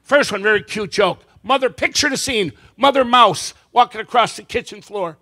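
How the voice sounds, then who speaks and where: A man doing a stand-up comedy routine before a live audience, telling jokes and slipping into quick character voices. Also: high-pitched, sharp tone. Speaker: comedian and magician.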